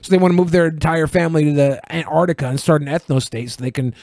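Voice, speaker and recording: A man hosting a podcast, talking in casual crude banter, animated and profane, often laughing. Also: on the high side, quick pace, no room sound. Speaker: podcast host.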